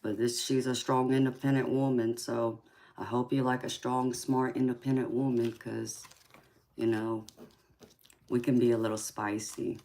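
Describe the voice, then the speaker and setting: A woman in her forties with a Southern Georgia drawl, reading tarot on a live chat. She talks to viewers in an affectionate way, calls them sweetheart and pauses on ums. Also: extremely low pitch, flat delivery, a little mellow. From California. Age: 40s.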